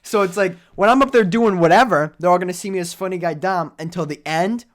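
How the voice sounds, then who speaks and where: A young man cohosting a podcast, telling jokey stories in casual chat that drop to quiet mumbles and swing back up loud. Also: high voice, fast talker. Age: young adult. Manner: animated storytelling, jokey, trails into mumbles. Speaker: podcast co-host.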